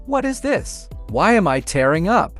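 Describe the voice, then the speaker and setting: A man voicing a proud, grumpy old male elder dragon who is also a father, in a gruff, indignant way. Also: high-pitched, big pitch swings, moderate pace, faint music behind, pitched above the performer's own voice. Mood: tearful.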